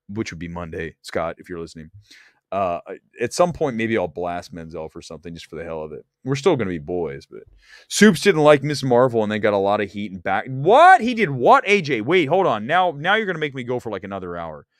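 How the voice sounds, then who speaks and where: A man's voice: mid-range voice, no echo, clean studio sound. A man hosting a movie talk show, rambling through stories and acting out the people he quotes. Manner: animated storytelling, acts out quoted people. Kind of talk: casual rambling livestream chat.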